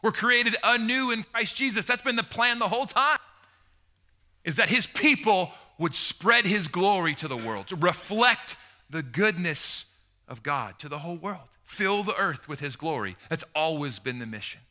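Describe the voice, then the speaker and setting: Male preacher, sermon, high pitch, very bright and forceful tone, passionate, loud then hushed. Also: expressive, normal speed. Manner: passionate, swinging between loud emphasis and hushed tones.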